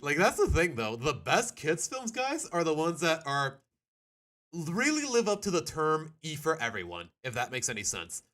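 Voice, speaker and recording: A man live-streaming his reactions to videos in casual, animated chat, groaning and laughing as he goes. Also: a little high, normal speed.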